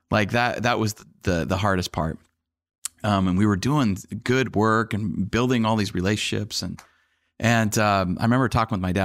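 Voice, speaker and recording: A man's voice: lowish voice, no room sound, clean studio sound. A man who is a pastor, telling stories from his church work in an earnest, conversational way, often restarting his sentences. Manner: earnest, animated storyteller with frequent restarts and fillers. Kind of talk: conversational storytelling interview.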